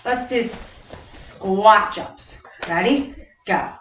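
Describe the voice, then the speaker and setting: Cheerful gymnastics coach, echoey gym. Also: female voice, mid-range voice, extremely slow, distant mic, background noise. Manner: cheerful, counts reps aloud, chuckles often. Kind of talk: live online workout class. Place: large gym. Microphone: camera a distance away.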